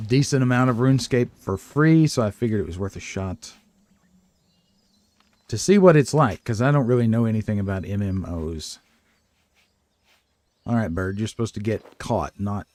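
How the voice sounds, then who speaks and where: A dark-toned, lowish voice belongs to an older game streamer who speaks a little slowly and leaves long pauses. He offers chatty, hesitant commentary to himself as he plays, mocking his own clumsiness.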